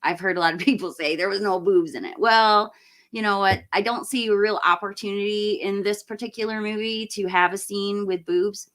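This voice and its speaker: A woman in her forties hosts a casual live stream with a bright, forceful voice. She talks bluntly and with strong opinions, often ranting with a laugh in it. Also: medium pitch, fairly even intonation, normal speed. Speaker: livestream host. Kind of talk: casual live movie review chat.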